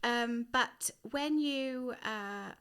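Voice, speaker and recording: A middle-aged woman chats casually as a podcast guest, her voice sitting a little high. She talks in animated, quick bursts and laughs often. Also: smooth. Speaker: guest writer.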